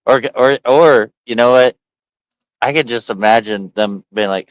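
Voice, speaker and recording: A man telling stories on a podcast in a middle-pitched voice. He acts out the quoted lines in his stories. The sound is dry and close. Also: measured pace, no echo, low-quality recording. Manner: animated storyteller, acts out quotes. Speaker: podcast host. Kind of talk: casual podcast chat.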